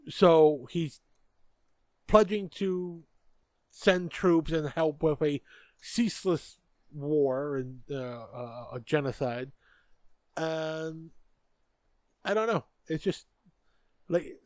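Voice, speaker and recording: Male podcast co-host, blunt and profane, slightly high voice, dry close sound. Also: no echo. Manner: blunt, profane, stammers on restarts. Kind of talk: casual political chat.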